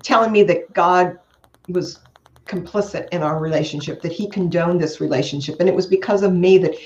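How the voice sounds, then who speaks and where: An older woman with a lowish voice speaks in an earnest, measured way. Her audio is muffled and sounds like it bounces around a hollow room. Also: darkish tone. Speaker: guest, author. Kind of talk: interview. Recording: echoey, muffled remote audio.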